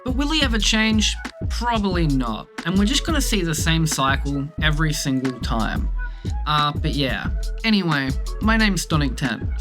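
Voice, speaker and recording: A commentary video narrator recapping events in a wry, matter-of-fact way over clear background music. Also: mid-range voice, sing-song, normal speed.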